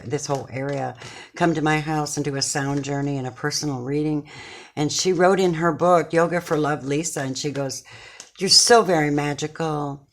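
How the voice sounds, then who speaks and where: A woman's voice: low voice, slight background noise. A middle-aged woman giving a casual tarot reading to her viewers from her chair at home, talking in an effusive, affectionate, chatty way. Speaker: tarot card reader.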